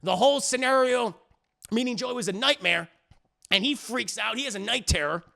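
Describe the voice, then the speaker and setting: Man, high voice, gravelly, bright, casual rambling recap, swears a lot. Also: moderate pace. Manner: profane, rambling, jumps into character voices. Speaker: music reviewer recapping a show to chat. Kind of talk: animated casual recap with acted-out quotes.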